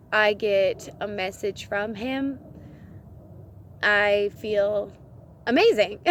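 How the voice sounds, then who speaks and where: A woman's voice: a little high, slight background noise. A woman giving relationship advice in a casual vlog, earnest and laughing often between phrases. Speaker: vlogger.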